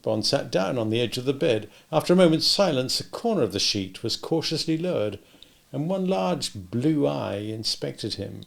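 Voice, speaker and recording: A man narrating a novel aloud in a measured, even reading voice. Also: medium pitch, gravelly. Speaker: audiobook reader. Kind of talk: scripted narration.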